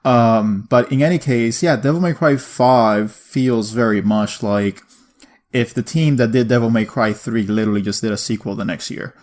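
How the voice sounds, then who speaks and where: A man co-hosting a casual video game podcast, rambling with lots of fillers and quick laughs. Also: medium pitch, a little mellow. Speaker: podcast co-host. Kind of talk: casual chat about video games.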